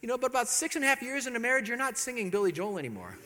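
A man giving a sermon, telling stories in an animated way and acting out the voices of the people in them. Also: very high-pitched, racing, in a large hall, noisy background. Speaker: preacher.

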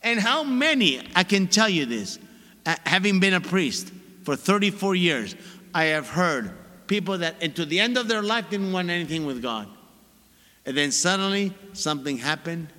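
A Catholic priest in his sixties giving a sermon, an expressive storyteller who stresses his points by repeating them. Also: high-pitched, moderate pace. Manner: animated, expressive storyteller with laughs and emphatic repetition. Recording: long reverb of a large hall.

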